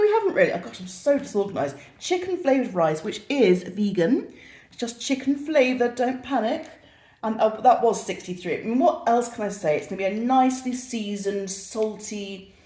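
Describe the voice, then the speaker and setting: A woman's voice: medium pitch, warm tone, roomy sound. A woman in her thirties with a British accent, chatting casually through a shopping haul in a self-mocking, easily sidetracked way. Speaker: vlogger.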